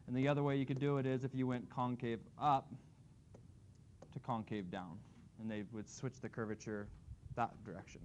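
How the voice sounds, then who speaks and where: A man's voice: medium pitch, steady tone, moderate pace, darkish tone, dull audio, a little hiss or hum. Casual man teaching a math class. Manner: casual, thinking aloud while graphing. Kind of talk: classroom lecture.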